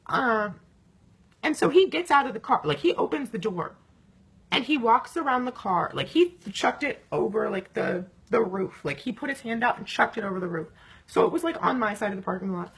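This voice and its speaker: A woman's voice: on the high side, normal speed, husky. A young woman recounting a night out in a casual vlog, swearing often and filling her talk with "like". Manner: animated, swearing, many fillers.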